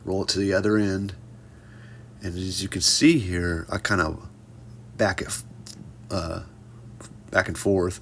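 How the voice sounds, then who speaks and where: A man's voice: low voice, flat delivery, a little slow, pauses often, slight background noise. A man teaching a pottery class in a casual hands-on demonstration, joking with his viewers as he works. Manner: playful, jokey asides addressed to "folks".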